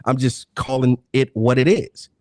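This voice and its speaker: A man's voice: mid-range voice, normal speed, warm tone, no echo, clean studio sound. A man hosting a live debate stream, talking bluntly and profanely and pushing through interruptions. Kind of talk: heated casual debate.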